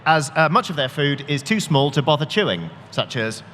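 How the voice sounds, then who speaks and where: Animated male game master, bright voice, live convention hall reverb. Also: a little high, normal speed, slight background noise. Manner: animated, joking, many fillers. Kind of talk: narrating a tabletop game live on stage.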